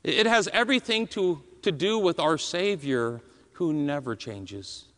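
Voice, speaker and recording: A slow-spoken man preaching with a somewhat high voice. He delivers strings of words with emphasis, and a long hall reverb trails behind him. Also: expressive, a bit bright. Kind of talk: sermon.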